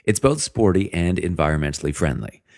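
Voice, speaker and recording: Male audiobook reader, extremely deep voice, wry and chatty first-person delivery, dry close studio sound. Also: expressive, fairly quick, gravelly, a little mellow, no room sound. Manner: wry, conversational, with self-mocking asides. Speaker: audiobook narrator.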